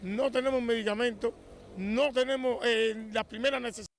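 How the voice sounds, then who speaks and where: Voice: mid-range voice, steady tone, fast. An interviewee with a Cuban accent speaking emphatically and repeating complaints in a street interview. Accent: Cuban Spanish. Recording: outdoors with crowd noise.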